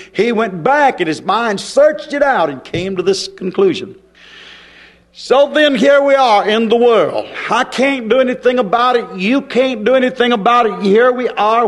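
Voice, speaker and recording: A man preaching a sermon in a plainspoken, rhythmic way, repeating his phrases and using rural everyday grammar. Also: sits high. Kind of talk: folksy sermon.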